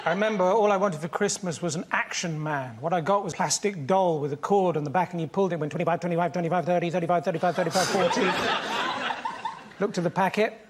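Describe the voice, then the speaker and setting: A man's voice: sits high, quick pace, slight background noise. A man delivering dry stand-up one-liners. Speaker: stand-up comedian.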